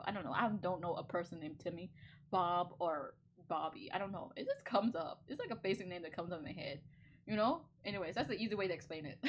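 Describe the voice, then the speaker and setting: A woman's voice: on the low side, a little hiss or hum. A woman streamer in casual chat, rambling and laughing often as she talks.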